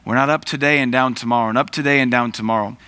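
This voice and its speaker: Guy preaching, chatty sermon style, sharp bright voice. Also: mid-range voice, steady tone, very fast, clear, resonant tone, dry recording. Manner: conversational preaching with asides and self-corrections. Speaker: pastor.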